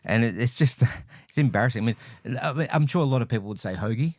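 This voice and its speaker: A podcast co-host with a medium-pitched, darkish voice speaks at a quick pace with lively intonation. He's casually reviewing a bad movie in a wry, rambling manner, often correcting himself. The recording is dry and studio quality.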